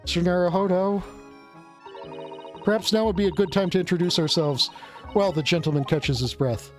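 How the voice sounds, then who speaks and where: A man reading the lines of a calm, courteous young woman assistant in a game. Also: high-pitched, a little fast, soft background music, natural voice. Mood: composed.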